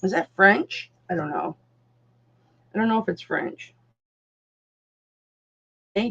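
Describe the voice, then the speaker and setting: A woman's voice: mid-range voice, expressive, slow pace, vocal fry, long pauses, pushed and bright, slightly rough. A woman hosting a live online jewelry auction, chatting casually and calling viewers darling, honey and doll. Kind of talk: casual live-stream selling chat. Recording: dull lo-fi sound.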